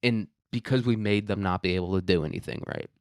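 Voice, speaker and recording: A young man rambles through a casual, profanity-laced rant at home, chuckling between thoughts. His voice sits fairly low and comes across smooth and resonant, in a dry, close recording. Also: quick pace, no room sound. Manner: profane, rambling, laughs often. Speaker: podcast host. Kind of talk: casual ranting monologue.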